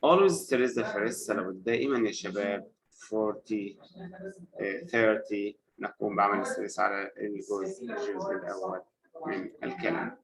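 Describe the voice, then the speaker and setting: A man teaching an English lesson, explaining number stress and switching into quick Arabic asides for his students. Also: on the low side, a crowd in the background, poor audio.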